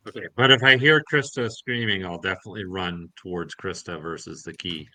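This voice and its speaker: A man playing a tabletop game, asking hesitant questions with halting starts. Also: sits low, pushed and bright, dry recording. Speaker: player.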